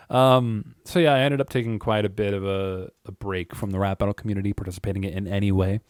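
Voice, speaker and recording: Deep-voiced man rambling casually. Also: steady tone, fairly quick, clean tone, dry recording, studio quality. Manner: rambling, chuckling often, many fillers. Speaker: channel host. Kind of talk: casual monologue.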